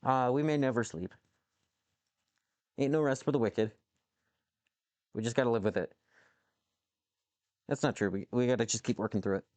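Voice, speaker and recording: Livestreaming from a home workshop with a lathe, this man chats casually with viewers while machining, rambling, swearing and responding to chat. His voice sits at medium pitch, a little mellow, at a moderate pace with frequent pauses and no echo.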